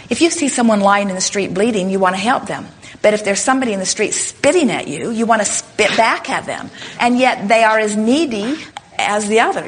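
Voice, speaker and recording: A woman speaking to a live workshop audience in a plain, mid-pitched voice. She explains with steady emphasis and often acts out short quoted lines. Her delivery is that of an experienced teacher fielding questions. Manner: emphatic and explanatory, often saying "in other words" and "you see".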